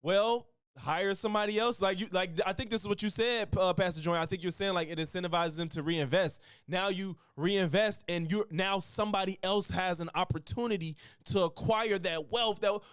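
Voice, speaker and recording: A man streaming a casual reaction to a podcast, animated, thinking aloud and using a lot of slang. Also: high voice, normal speed, hardly any pauses, clear, resonant tone, dry recording, clean studio sound.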